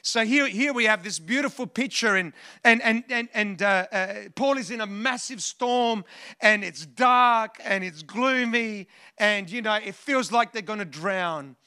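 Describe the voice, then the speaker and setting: A man's voice: sits high, unhurried, pushed and bright, smooth. A man preaching a sermon in a church, often restarting phrases and calling on the congregation to respond. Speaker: pastor.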